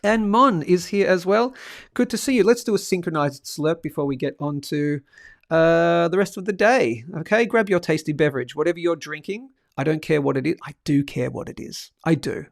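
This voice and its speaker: A man's voice: on the high side, lively intonation, moderate pace, vocal fry, dry recording, studio quality. Chatty man hosting a livestream. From Australia. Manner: chatty, jokey, reads out viewer comments. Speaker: livestream host. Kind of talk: casual livestream chat.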